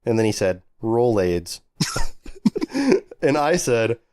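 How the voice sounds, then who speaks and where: A man's voice: medium pitch, lively intonation, takes it slowly, a little mellow, smooth. A young man co-hosting a podcast in casual, joking chat. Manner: joking, laid-back, trails off and restarts. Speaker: podcast co-host.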